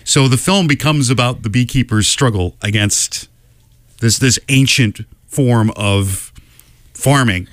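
A man hosting a casual podcast about films, thoughtful, often pausing and restarting his sentences. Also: mid-range voice, fairly bright tone, no echo, studio quality. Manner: thoughtful, with many fillers and restarts. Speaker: podcast host. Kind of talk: casual film chat.

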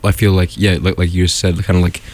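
A man's voice: sits low, little pitch movement, fairly quick. A young man hosting a casual radio music show, stumbling and stuttering over his words. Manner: stumbling, self-conscious stutter.

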